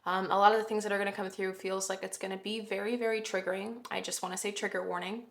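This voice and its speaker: A woman giving a casual, rambling tarot reading, often pausing to correct herself. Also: medium pitch, level tone. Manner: chatty, rambling, self-correcting, with fillers. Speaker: tarot reader. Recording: roomy echo.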